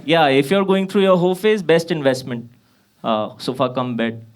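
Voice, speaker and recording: Over slight background noise and the audience's laughter, a man in his thirties from Kashmir does a crude club stand-up set at normal speed, his voice on the high side. When annoyed, his pitch shoots up, punctuating his exasperated punchlines.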